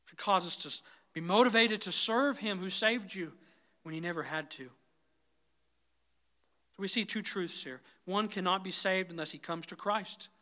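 A man preaching a sermon as pastor, swinging between loud, rising intensity and soft, low pleading, often calling the congregation "guys". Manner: repeatedly addresses the congregation as "guys".

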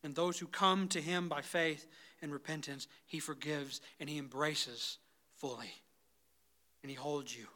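A man preaching a sermon as pastor, swinging between loud, rising intensity and soft, low pleading, often calling the congregation "guys". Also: fairly even intonation, a little slow. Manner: repeatedly addresses the congregation as "guys".

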